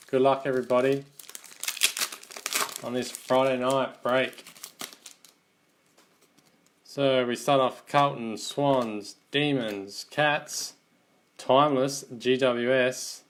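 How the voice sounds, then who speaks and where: A man's voice: mid-range voice, steady tone, takes it slowly, pauses often, noisy background. An Australian man hosting a live trading card box break, calling out teams and players in an easygoing running commentary.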